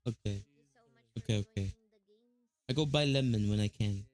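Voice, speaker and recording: A man's voice: fairly low pitch, moderate pace, darkish tone, dry recording. A man with a Filipino accent chatting casually on a live stream, rambling with lots of fillers and restarts.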